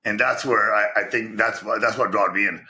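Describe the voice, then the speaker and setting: Bright-voiced, foul-mouthed man from Vancouver. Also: fairly low pitch, fairly quick. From Vancouver, Canada. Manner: swears constantly, excited storytelling. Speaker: podcast guest. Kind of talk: casual podcast chat.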